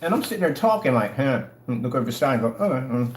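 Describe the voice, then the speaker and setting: Man, taunting, mocking, lively swooping voice, echoey room. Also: mid-range voice, fast. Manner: mocking, taunting, dramatic swings in tone. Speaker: online product seller. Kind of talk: taunting rant to camera. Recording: echoey room, faint noise.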